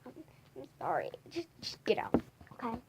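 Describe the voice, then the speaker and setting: A woman's voice: moderate pace, heavy background noise. A woman vlogging in a casual, playful chat, rambling with lots of fillers.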